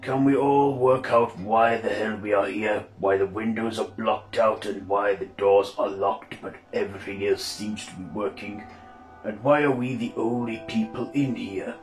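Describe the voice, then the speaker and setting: A man's voice: on the low side, steady tone, measured pace, faint music behind, natural voice, rough recording. A man voicing a puzzled fifty-seven-year-old man who asks blunt questions.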